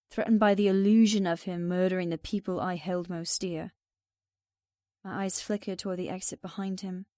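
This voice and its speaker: A woman narrates a first-person audiobook in an even, subdued way. Her voice is mellow and warm, recorded close and dry. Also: mid-range voice, dry recording.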